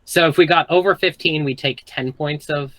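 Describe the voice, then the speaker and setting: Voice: mid-range voice, moderate pace, a bit bright, no echo, poor audio. A player at a tabletop game, chatting casually and swearing now and then.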